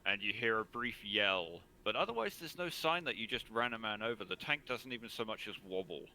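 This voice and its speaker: A man running a tabletop game as game master, narrating the scene in a measured way with frequent pauses. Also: fairly low pitch, animated, pushed and bright, slight background noise, low-quality recording.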